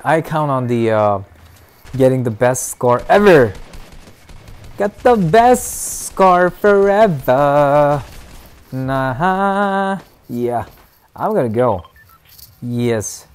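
A young man giving excitable, chatty commentary while streaming a shooter game, dropping to mumbles and then bursting out loud. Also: medium pitch. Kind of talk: live gameplay commentary.

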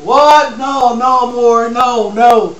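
A man's voice: very high-pitched, slow, lo-fi sound, a crowd in the background, pitched above the performer's own voice. A man voicing a stunned young boyfriend on a talk show, pleading in disbelief. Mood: disbelieving. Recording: roomy echo.

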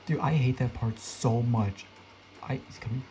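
A young man giving excitable live commentary while playing a game, his voice jumping up high when he gets scared. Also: moderate pace, slight background noise. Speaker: gaming video creator.

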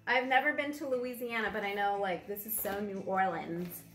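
Middle-aged female vlogger, chatty and rambling, tense bright tone, echoey room. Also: medium pitch, fairly even intonation, moderate pace. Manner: chatty, rambling, easily amused. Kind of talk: casual chat while unboxing. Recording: roomy echo, faint music behind.

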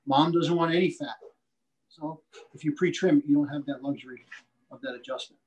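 A man's voice: a little high, moderate pace, a little mellow, lo-fi sound. A man giving a live butchery demonstration, folksy and repetitive, punching key points and checking in with "okay?". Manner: folksy, repeats himself, asks "okay?" often. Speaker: butcher instructor.

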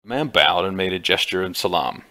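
A man reading an adventure book aloud with small slips, in a gravelly voice. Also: low-pitched, expressive, fairly quick, sharp tone. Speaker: audiobook reader. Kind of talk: amateur audiobook reading.

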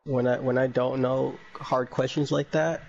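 A man's voice: medium pitch, flat delivery, a little slow, vocal fry, darkish tone, muffled recording, slight background noise. A man chatting casually with a friend while gaming, laid-back and a bit hesitant.

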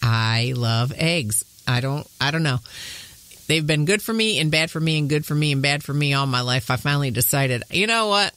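In a casual podcast talk, a thirtysomething host from Michigan, USA, laughs frequently and keeps things homey, her Midwestern accent carrying some Southern flavor. She has a deep, expressive, fairly bright voice at an ordinary pace, recorded with no room sound.

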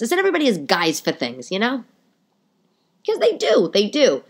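A woman hosting a podcast, telling stories in a casual, animated monologue that leaps up in pitch for exclamations. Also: normal speed, pauses often. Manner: animated, jumps high in pitch for quoted exclamations. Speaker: podcast host.

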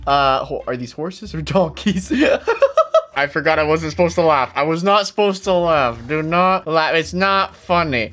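A young man giving energetic gameplay commentary as a YouTube host, excitable and quick to laugh and shout in mock horror. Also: a little high. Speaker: gaming YouTuber. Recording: faint music behind.

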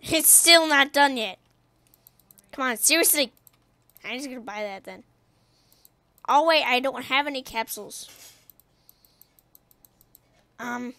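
Woman gaming host, high voice, unhurried, excitable self-talk commentary. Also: no echo. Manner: excitable, talks to herself while playing, shrieks when killed. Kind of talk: let's play commentary.

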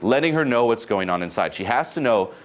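A man coaching an audience on dating, talking in an animated way and acting out conversations. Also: mid-range voice, brisk.

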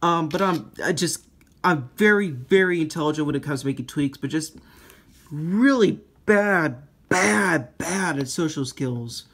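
A man's voice: on the high side, expressive, fairly bright tone, slightly rough. Foul-mouthed, hot-tempered young man. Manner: profane, rambling, quick to blow up. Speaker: iPhone jailbreak tinkerer. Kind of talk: casual screen demo commentary.

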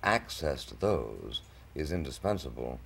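A man's voice: very deep voice, very animated, measured pace, creaky, slight background noise. A man hosting a televised debate in a studio. He talks hesitantly, with stammered restarts and ornate wording. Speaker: host.

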